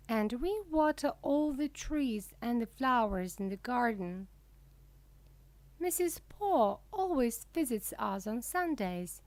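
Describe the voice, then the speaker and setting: Slow, lively woman reading a storybook. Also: no room sound. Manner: clear, deliberate reading with lively pitch. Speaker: reader.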